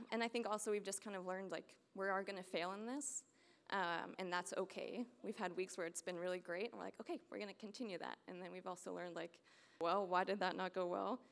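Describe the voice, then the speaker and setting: A woman's voice: medium pitch, creaky. A young American woman giving an earnest, rambling personal testimony in church, full of fillers. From United States. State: getting emotional. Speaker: church member sharing testimony.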